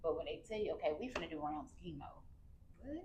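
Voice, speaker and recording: A woman's voice: deep voice, fast talker, crowd noise. A woman in her thirties, a guest speaking candidly and colloquially in an interview. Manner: candid, animated storyteller with colloquial speech. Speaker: guest, cancer survivor. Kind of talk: casual interview conversation.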